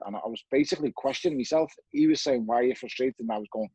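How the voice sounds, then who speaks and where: A man's voice: medium pitch, rapid-fire, gravelly, dark tone, husky, no room sound, low-quality recording. A man, a former boxer, telling his story as a guest with blunt, frequent swearing and acted-out dialogue. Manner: blunt, swears often, acts out remembered dialogue. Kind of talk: candid conversational storytelling.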